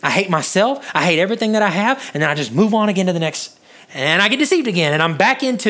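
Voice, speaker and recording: A man delivers a fast, animated sermon as a pastor, swinging between loud, high lines and hushed, low ones. He often repeats words as he restarts.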